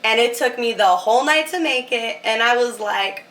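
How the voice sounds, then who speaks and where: A young woman from Utah telling her story as a guest in a casual interview, animated and laughing often, with lots of filler words. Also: fairly high pitch, normal speed, hardly any pauses, roomy sound, far from the mic, low-quality recording.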